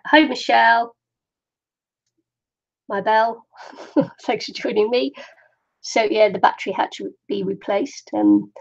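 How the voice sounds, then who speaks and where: A woman's voice: medium pitch, gravelly. A middle-aged woman chatting casually on a craft live stream, laughing often and talking to herself. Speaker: craft livestream host. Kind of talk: chatty live stream while waiting for viewers. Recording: dull lo-fi live stream audio.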